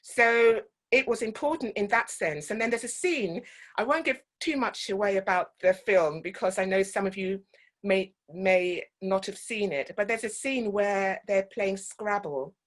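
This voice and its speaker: A woman's voice: medium pitch, measured pace. A woman from Guyana, an actor giving a talk and telling personal stories with frequent ums.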